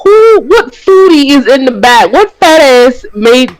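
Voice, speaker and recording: A man's voice: very high voice, very animated, a little slow, poor audio. A man co-hosting a casual wrestling podcast, talking in an exasperated, profane, rambling way. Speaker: podcast co-host.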